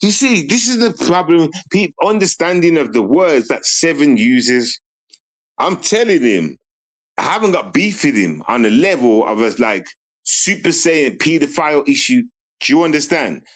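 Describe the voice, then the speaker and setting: A man's voice: on the high side, very animated, moderate pace. A young man ranting on a casual livestream, mocking and repetitive as he talks to his chat.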